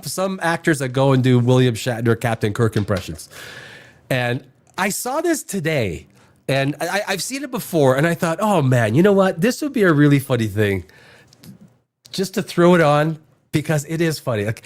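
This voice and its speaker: Rambling, lively-voiced middle-aged man. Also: on the high side, normal speed. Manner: rambling, restarts often, swears casually. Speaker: podcast host. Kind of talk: casual chat.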